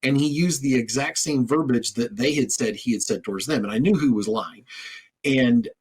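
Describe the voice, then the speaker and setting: Husky male podcast host telling stories. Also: medium pitch, moderate pace, a little mellow, poor audio. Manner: storytelling, frequent restarts and repeated words. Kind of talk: conversational interview.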